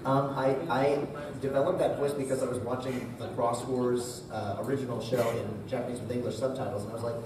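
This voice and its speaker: A man's voice: mid-range voice, little pitch movement, a little fast, hardly any pauses, noisy background. A man talking as a guest voice actor at a convention panel, joking and breaking into character voices. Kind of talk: casual panel Q&A. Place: large convention hall. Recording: echoey convention hall, mic from far off, crowd ambience.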